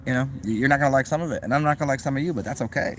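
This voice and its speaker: A man's voice: mid-range voice, very fast, a little hiss or hum. Rambling, laughing man on a livestream. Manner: rambling, restarts, laughs often, swears. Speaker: livestream host. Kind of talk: casual livestream chat, reading comments.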